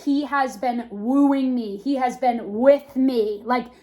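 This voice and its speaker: Chatty animated young woman host. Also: on the high side. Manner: animated, chatty, quick to laugh, many fillers. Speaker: podcast host. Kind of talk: casual storytelling chat.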